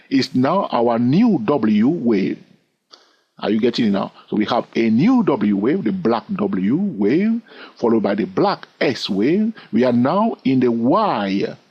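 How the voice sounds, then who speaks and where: A man's voice: medium pitch, big pitch swings, takes it slowly, breathy edge. A man with a non-native accent teaching chart trading in a chatty, teasing way, often checking in with his viewers. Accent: non-native English. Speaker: trading educator. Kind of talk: screen-recorded chart lesson. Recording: dull lo-fi sound.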